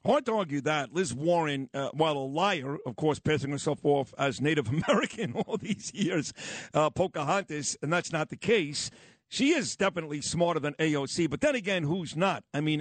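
Brash New York radio host, lively pitch. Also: male voice, dry recording. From Brooklyn. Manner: blunt, brash, animated storytelling. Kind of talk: opinionated talk radio monologue.

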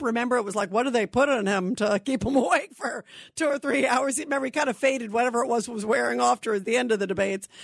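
A woman hosting a call-in radio show in a dry, close studio sound. She talks in long emphatic runs, restarting sentences and piling on fillers. Her voice sits a little high. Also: creaky, husky, dry recording. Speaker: radio talk show host. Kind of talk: opinionated call-in radio talk.

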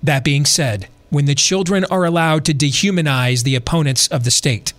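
This middle-aged man's podcast features his fervent, preachy political commentary, heavy on rhetorical questions. He talks at a normal speed, his voice fairly high in pitch and fairly bright in tone.

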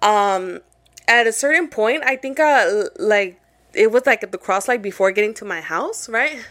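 A woman's voice: medium pitch, expressive, moderate pace, fairly bright tone. A young woman co-hosting a podcast, telling a story in casual chat with lots of swearing and Spanish phrases mixed in. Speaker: podcast co-host.

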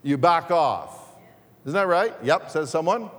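A man preaching a sermon as pastor in a church, unhurried, repeating key phrases and asking the congregation questions. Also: on the high side, animated. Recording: long reverb of a church hall.

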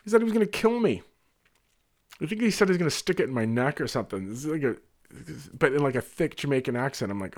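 A man, a bartender, casually telling a rambling personal anecdote with lively, digressive delivery and laughs slipping in. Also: on the high side, brisk.

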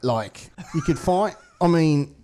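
Irishman doing a high Aussie cop appeal. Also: expressive, slow pace, dark tone. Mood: mock-earnest. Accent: put-on Australian. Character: mock Australian police officer making an appeal, male.

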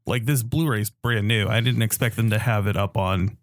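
Easygoing low-key man on a podcast. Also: normal speed, no room sound, studio quality. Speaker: podcast co-host. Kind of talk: casual film podcast chat.

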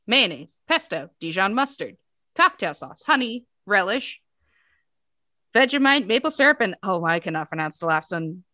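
An American woman co-hosting a podcast, chatting casually and reading quiz options out with lively rises. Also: mid-range voice, moderate pace, dry recording, studio quality. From United States. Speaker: podcast co-host. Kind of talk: casual chat.

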